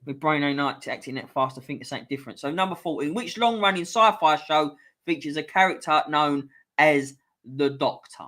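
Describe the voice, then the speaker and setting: A man's voice: fairly high pitch, brisk, bright, forceful tone. A young man with a London accent hosting a casual live-stream quiz, swearing freely and chatting offhand between questions. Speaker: quiz host.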